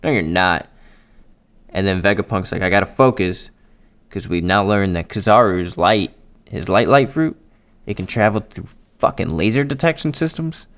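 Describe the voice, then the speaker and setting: A man doing a casual, excitable manga chapter readthrough for his viewers, swearing often and talking straight to them. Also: fairly low pitch, moderate pace. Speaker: anime and manga YouTuber.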